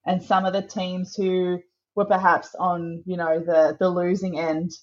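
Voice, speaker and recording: A woman's voice: on the low side, level tone, measured pace. A woman co-hosting an interview podcast, chatting playfully and riffing along with the guest. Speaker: podcast co-host. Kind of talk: casual interview chat. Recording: slightly muffled lo-fi audio.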